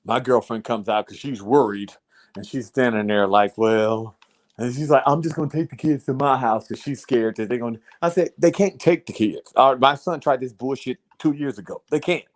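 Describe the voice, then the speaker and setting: A man's voice: mid-range voice, moderate pace. A man casually telling a long story to friends in a blunt, profane way, repeating "I said" as he retells it. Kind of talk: casual chat.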